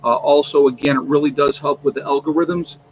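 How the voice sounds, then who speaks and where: A fairly high-voiced man chats casually as he hosts a livestream from home, with plenty of ums and uhs. The audio is a little muffled, with a faint hiss underneath. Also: level tone, brisk. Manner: chatty, with many ums and uhs. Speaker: livestream host. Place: home, on his homestead.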